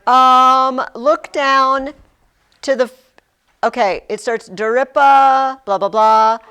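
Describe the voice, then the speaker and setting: A woman teaching a Latin class in a classroom, explaining slowly with frequent restarts. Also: high-pitched, sharp tone, clean tone. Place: classroom with students.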